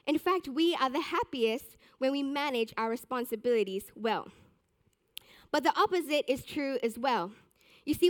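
A young woman giving a sermon, telling a personal story with animated, self-mocking humor. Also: high-pitched. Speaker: church speaker.

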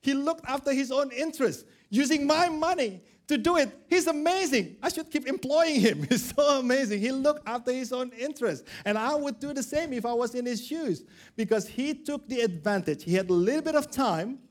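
A man's voice: extremely high pitch, expressive, moderate pace, voice pushed up. A preacher voicing a wealthy master who is full of admiration for his cunning manager. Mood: impressed. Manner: admiring, exclaiming. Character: impressed wealthy male master.

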